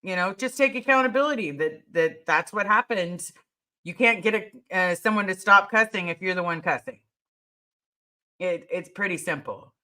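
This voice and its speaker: A woman's voice: fairly low pitch, normal speed, pushed and bright. A woman hosting a casual livestream, answering viewer questions in an earnest, emphatic way and repeating her key words.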